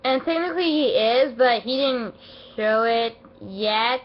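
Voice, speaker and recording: A woman giving a casual, rambling anime episode review, emotional and excitable, full of fillers and restarts, her voice not at its best as she feels unwell. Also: a little high, measured pace. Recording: dull lo-fi home recording.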